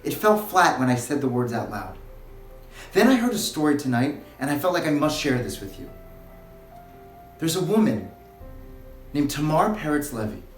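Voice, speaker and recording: A man's voice: a little high, big pitch swings, normal speed, pauses often. A man giving a short recorded sermon as a rabbi, earnest and building to impassioned, pleading questions. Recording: roomy echo, faint music.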